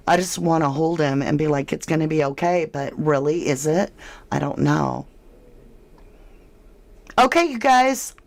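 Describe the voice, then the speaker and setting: A woman's voice: low-pitched, expressive, a little slow, creaky, long pauses. A woman hosting a true crime livestream, chatting casually with viewers in a chatty, emphatic, slightly snarky way. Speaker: true crime channel host. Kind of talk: casual livestream chat reading comments.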